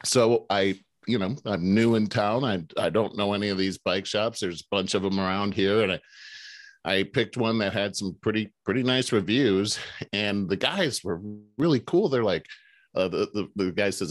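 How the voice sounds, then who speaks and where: A man co-hosting a casual chat, an animated storyteller who mimics noises in a high voice. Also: moderate pace, dry recording. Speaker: podcast co-host.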